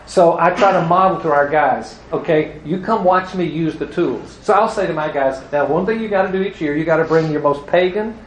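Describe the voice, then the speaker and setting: In an evangelism teaching talk to a live group, a man preaches through stories, acting out the people he quotes and chuckling. His voice is a little high and a little fast with hardly any pauses, and the poor audio carries some hiss or hum.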